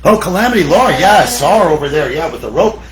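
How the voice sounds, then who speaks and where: A man's voice: a little high, expressive, fast talker. A man guesting on a live comedy show, flustered and playful as he talks. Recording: noisy live room.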